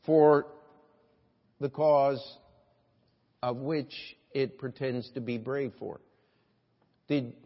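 Preaching man in a reverberant church. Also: a little high. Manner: preaching with rhetorical questions and voiced scripture quotes. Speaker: pastor. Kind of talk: sermon. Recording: dull lo-fi church audio with long hall reverb.

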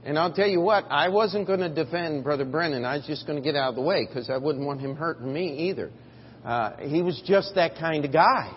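A man preaching a sermon in a church, telling a story and moving between quiet, drawn-out phrases and loud, emphatic bursts. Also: on the high side, a little hiss or hum. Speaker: pastor. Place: church sanctuary. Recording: dull audio in a reverberant hall.

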